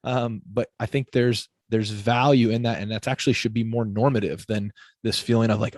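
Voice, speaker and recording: A man's voice: fairly low pitch, moderate pace, dry recording, clean studio sound. A man from Illinois, a fitness coach guesting on a podcast, talking casually and enthusiastically, laughing often and filling his sentences with "like". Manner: energetic, enthusiastic, heavy use of "like", laughs often.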